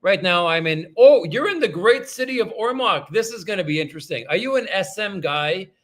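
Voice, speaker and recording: A man with a high, bright voice hosts a relaxed livestream, thanking viewers one after another. His talk rambles with frequent restarts, and he pokes fun at himself along the way. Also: brisk. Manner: rambling, self-deprecating, thanks viewers often. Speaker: livestream host reading viewer comments. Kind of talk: casual livestream chat.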